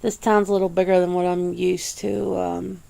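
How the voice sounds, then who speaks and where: A woman hosting a casual, soft-spoken ASMR chat, rambling along with easy swearing and frequent laughs, close to the mic. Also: lowish voice, flat delivery, normal speed, creaky. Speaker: ASMR channel host.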